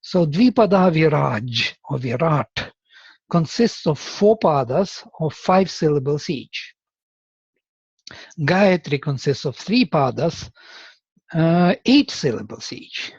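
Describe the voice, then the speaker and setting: Male lecturer, unhurried and methodical, slightly raised pitch, dry and dull lo-fi sound. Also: animated, slightly rough, no echo. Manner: slow and deliberate, tapping out rhythms aloud.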